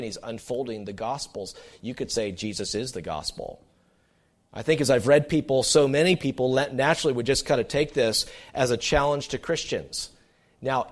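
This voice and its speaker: Animated man preaching a sermon. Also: a little high. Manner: animated, voices imagined listeners' reactions, many restarts.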